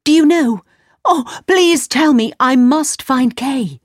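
High eager little girl put on by a woman, begging, dry and close. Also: brisk, a little mellow, husky, no echo. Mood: pleading. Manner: high, pleading.

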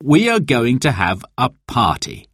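A man voicing a kindly, tired father who sighs gently, in a storybook reading. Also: mid-range voice, wildly swooping pitch, a little slow, husky, dry recording, studio quality, heavily acted. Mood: gentle. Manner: gentle, sighing.

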